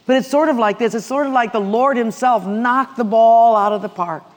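The pastor's voice is very high-pitched, moving at an ordinary pace through a spacious-sounding room. His sermon is built on stories and on call-and-response questions for the congregation.

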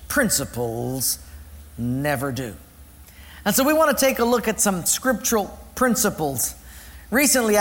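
A man preaching a sermon as pastor, reading scripture slowly and deliberately and joking with the congregation. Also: sits high, in a large hall. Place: church sanctuary.

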